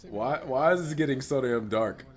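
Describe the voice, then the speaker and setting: A man with a very deep voice chatting casually and rambling as he reacts live to a game showcase. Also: normal speed. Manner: rambling, laughs often, many "like" fillers.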